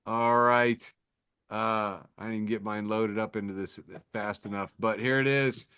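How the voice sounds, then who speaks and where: A man hosting a casual podcast over a call, reading memes aloud, laughing often and swearing, quick to poke fun at himself. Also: fairly low pitch, steady tone, bright, forceful tone, clean tone. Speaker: podcast host. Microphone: remote call mic.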